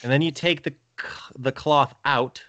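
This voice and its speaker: A man's voice: medium pitch, steady tone, normal speed, a bit bright, no room sound. A young man co-hosting a podcast, rambling in crude casual chat, cursing and joking. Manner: rambling, profane, jokey, laughs a lot. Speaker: podcast co-host.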